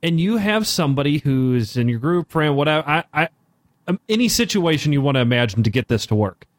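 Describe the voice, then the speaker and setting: A man's voice: a little high, brisk, no room sound. A man co-hosting a gaming podcast, joking and chatty. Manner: joking, animated. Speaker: podcast co-host. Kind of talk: casual chat.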